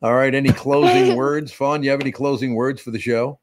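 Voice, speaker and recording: A man's voice: mid-range voice, fairly even intonation, brisk. A man hosting a podcast in casual chat, dry and teasing with the people around him. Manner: teasing, wry. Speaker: podcast host. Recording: noisy recording with clicks.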